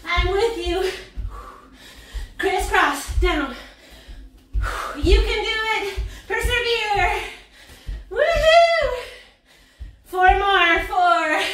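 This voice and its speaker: A woman fitness instructor calls out a workout class, out of breath. Her voice sits high, and she talks at an unhurried pace between cheers and counts. The sound is roomy and echoey, as if the mic sits some way off. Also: bright, forceful tone, far from the mic, a little hiss or hum. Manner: upbeat, counting reps and cheering with whoops and laughs.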